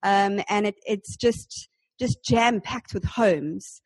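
A woman's voice: medium pitch, takes it slowly, slightly rough, dry recording. A woman, a church planter, chatting casually in an interview with many fillers like "um" and "like".

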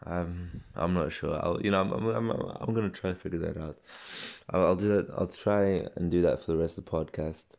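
Young male podcast host, rambling and halting, deep fry-heavy voice, slightly dull recording. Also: darkish tone. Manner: rambling, halting, many restarts and fillers. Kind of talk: solo casual podcast monologue.

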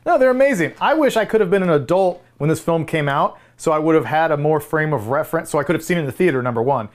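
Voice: mid-range voice, expressive, fast. A podcast co-host giving emphatic opinions in a casual film discussion. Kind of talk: casual movie-discussion chat.

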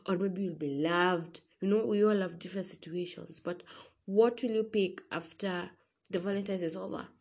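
Young woman, Kenyan accent, breathy husky tone, preachy motivational vlogger. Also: fairly low pitch, a little mellow. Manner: preachy, addresses listeners as sis. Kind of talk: casual motivational talk.

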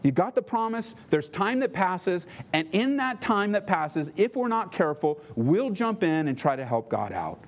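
A man's voice: high voice, big pitch swings, moderate pace, few pauses. A male pastor giving a conversational sermon, often asking the congregation questions. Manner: conversational, asks the listeners questions.

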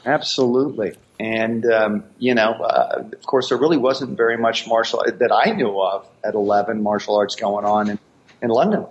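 A man's voice: lowish voice, normal speed, highs cut off. An American man, a martial arts actor and guest, telling long rambling stories with many restarts. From United States. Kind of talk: storytelling interview chat.

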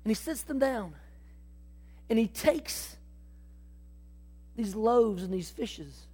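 A woman preaching a sermon, acting out Bible dialogue and calling out to the congregation in an animated way. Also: a little high, takes it slowly, husky. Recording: long hall reverb.

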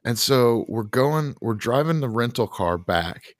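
A man's voice: medium pitch, animated, a little slow, no echo, studio quality. A man co-hosting a podcast, telling a rambling story in a laid-back, casual way with casual swearing. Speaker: podcast co-host.

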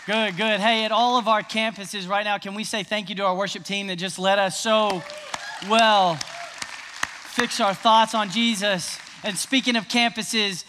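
A man preaching a sermon, energetic and conversational with the congregation. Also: high-pitched, a little slow, a little hiss or hum. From American South. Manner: energetic, conversational, crowd-rousing. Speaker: pastor.

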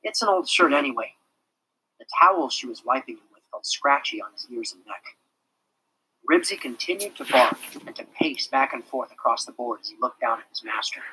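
An expressive narrator reading a children's chapter book aloud, sometimes dropping to a whisper. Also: medium pitch, fairly quick, slight background noise, low-quality recording. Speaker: storybook narrator.

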